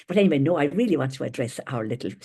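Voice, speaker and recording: A woman hosting a spiritual gathering over a video call, talking gently and rambling affectionately between stories. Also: very deep voice, expressive, rapid-fire, slightly rough. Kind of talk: informal spiritual talk with stories.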